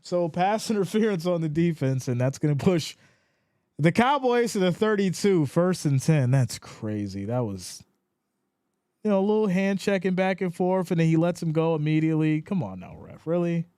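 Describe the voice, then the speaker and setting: Man, live-stream play-by-play, fairly high voice, dry close sound. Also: normal speed, clean tone, dry recording. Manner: animated, rises in pitch when excited. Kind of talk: play-by-play commentary with chat reading.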